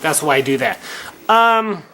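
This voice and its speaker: A man's voice: on the high side, very animated, a little slow, bright, forceful tone, slight background noise. A drunk man ranting to camera in a crude, cocky, rambling way, swearing constantly. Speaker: vlogger. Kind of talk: rambling profane rant to camera.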